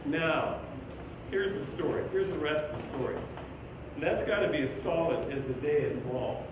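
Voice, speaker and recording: A man leading a school band rehearsal, giving animated, joking instructions and singing rhythms aloud to show phrasing. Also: a little high, normal speed. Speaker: band clinician conducting a rehearsal. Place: school band room, indoors. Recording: very echoey room from far off with background noise.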